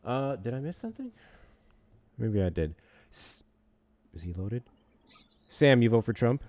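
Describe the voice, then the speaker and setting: A man's voice: medium pitch, lively intonation, measured pace, darkish tone. A man hosting a casual livestream, joking, swearing and reading out donations to the chat. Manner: profane, joking, reads out donations. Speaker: livestream host.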